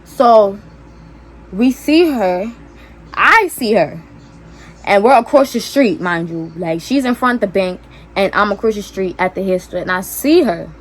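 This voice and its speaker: An eighteen-year-old woman with a Brooklyn New York accent, telling a storytime to her vlog viewers in blunt, animated street slang. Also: mid-range voice, measured pace. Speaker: vlogger. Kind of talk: casual storytime monologue.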